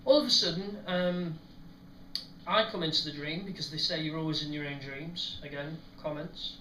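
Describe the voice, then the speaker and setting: A man's voice: a little high, normal speed, a little hiss or hum. A young man telling stories about his dreams in a rambling, casual monologue full of ums. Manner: rambling, many ums, animated when retelling. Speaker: podcast host. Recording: echoey room, mic at a distance.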